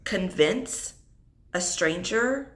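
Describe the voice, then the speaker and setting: Slow, tearful woman telling her story. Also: on the low side, lively intonation. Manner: slow, reflective, holding back tears. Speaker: single mother vlogger. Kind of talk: unscripted personal story.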